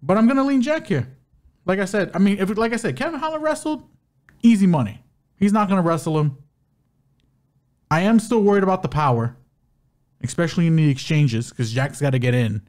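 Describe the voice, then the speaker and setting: A man co-hosting a podcast, chatting casually and loosely, with plenty of slang. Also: on the high side. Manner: loose, animated, uses slang. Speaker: co-host. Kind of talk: casual betting podcast chat.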